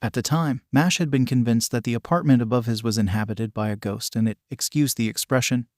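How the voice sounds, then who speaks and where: A man reading a fan fiction story aloud in a steady storytelling manner. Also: mid-range voice, a little fast, dry recording, clean studio sound. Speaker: narrator.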